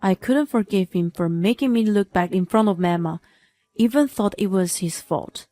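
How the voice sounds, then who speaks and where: A young woman narrating a scripted first-person story in a steady, even reading voice. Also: mid-range voice, normal speed, no room sound, faint music behind.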